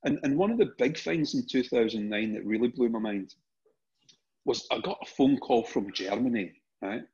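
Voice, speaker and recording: Husky Scottish man telling stories. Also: mid-range voice, moderate pace. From Scotland. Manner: animated anecdotes with frequent restarts and repeated words. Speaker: podcast guest. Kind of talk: casual storytelling. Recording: dull lo-fi podcast audio.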